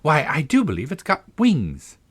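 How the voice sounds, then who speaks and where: A man's voice: on the high side, huge pitch swings, normal speed, a bit bright, slightly rough, voice pushed up, full character voice. Alice, a curious polite young girl, as a man puts her on. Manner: earnest, politely inquisitive. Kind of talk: storybook reading.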